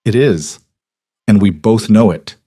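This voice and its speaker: A man voicing a desperate young noblewoman in an audiobook romance, earnest and steady. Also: on the low side, unhurried, husky, no echo, studio quality. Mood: resolute.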